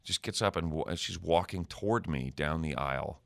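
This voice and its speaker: A comedian telling animated stories in a casual chat, laughing often. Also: male voice, a bass voice, normal speed, vocal fry, no echo. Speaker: comedian guest.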